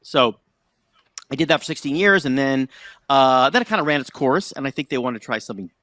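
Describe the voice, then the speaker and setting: A middle-aged American man, a TV writer and producer, telling anecdotes as a podcast guest in a chatty, animated way. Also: mid-range voice, fairly quick, dry recording, studio quality. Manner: chatty, animated, acts out quoted voices. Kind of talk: anecdotal storytelling in an interview.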